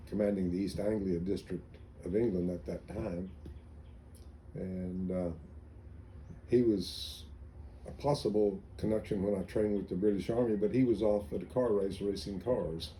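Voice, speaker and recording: A man's voice: deep voice, fairly even intonation, normal speed, pauses often, warm tone, slight background noise, poor audio. An older man, a veteran, recalling his army days in an oral history interview, telling anecdotes with many restarts. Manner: rambling anecdotal storytelling with restarts.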